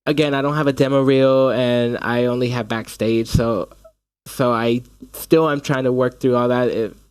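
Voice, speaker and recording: A man's voice: mid-range voice, moderate pace, clear, resonant tone, no room sound. Young man telling stories with restarts. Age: young adult. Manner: animated storytelling with many restarts. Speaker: actor guest. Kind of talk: casual interview chat.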